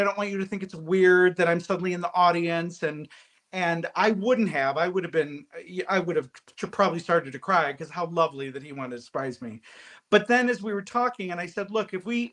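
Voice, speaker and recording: High-voiced man recalling heartfelt memories. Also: fairly bright tone. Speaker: guest actor. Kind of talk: casual interview talk.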